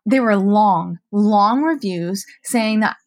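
A young woman co-hosting a podcast, telling a story in a casual, animated way that is full of swearing and "like". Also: medium pitch, slow, a little hiss or hum. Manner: animated, profane, lots of "like". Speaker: podcast co-host.

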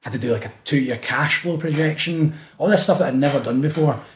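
A man from the Glasgow area of Scotland, with a Scottish accent, speaks a little fast in a fairly high voice, with reverb and slight background noise. He's a street artist guesting on a podcast, chatting casually and telling animated stories. He swears often and acts out what others said.

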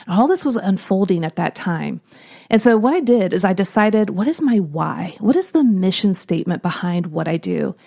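A woman hosting a podcast, telling a personal story in an earnest, reflective way, often trailing off softly. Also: medium pitch, sing-song, normal speed, vocal fry. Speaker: podcast host.

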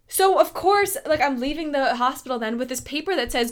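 A young woman in her twenties, a podcast host telling a personal story in a casual, animated way, laughing often and using lots of fillers. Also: high voice, brisk, hardly any pauses.

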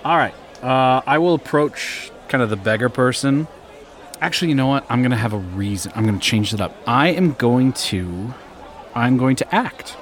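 A man playing a tabletop game, thinking aloud in a halting way. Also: medium pitch, animated. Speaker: player. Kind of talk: casual game-table chat.

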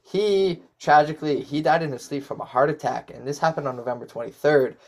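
A man's voice: fairly high pitch, a little fast, a little mellow. A young man co-hosting a casual podcast chat, talking in loose rambling runs full of fillers. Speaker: podcast co-host.

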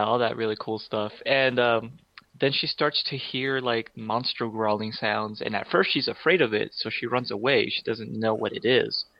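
A man's voice: mid-range voice, vocal fry, no echo, muffled recording. A man co-hosting a podcast in casual chat, rambling and enthusiastic with many fillers.

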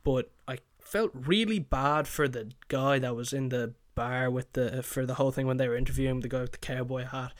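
A man's voice: mid-range voice, fairly quick, few pauses, dry recording, clean studio sound. Rambling man chatting on his podcast. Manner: rambling, swears freely, many fillers. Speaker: podcast host. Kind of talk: casual solo podcast chat.

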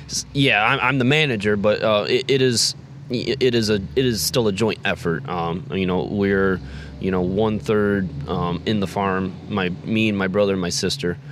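A man who manages a farm, answering interview questions in a halting way with many fillers and repeated words. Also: on the low side, steady tone, fairly bright tone, slight background noise.

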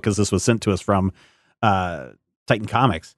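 A man's voice: fairly low pitch, animated, brisk, dry recording, studio quality. A man hosting a podcast in casual chat, rambling and searching aloud for names and details. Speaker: podcast host.

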